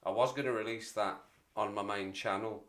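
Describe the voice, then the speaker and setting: A man's voice: fairly low pitch, steady tone, normal speed, fairly bright tone. A man in his forties hosting a casual livestream chat, rambling and self-deprecating as he talks to viewers. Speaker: livestream host.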